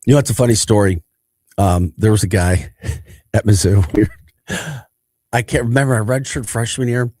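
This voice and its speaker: A man with a St. hosting a morning sports talk show. His voice sits low and he hammers his opinions with emphasis, laughing between points. The studio sound is close and dry. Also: normal speed, pauses often, a little mellow, no room sound. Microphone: studio mic.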